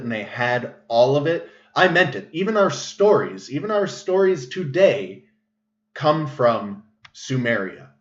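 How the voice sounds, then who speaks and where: A man hosting a casual livestream monologue, rambling with many fillers and restarts, recorded in an echoey room with a dull, lo-fi sound. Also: mid-range voice. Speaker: show host.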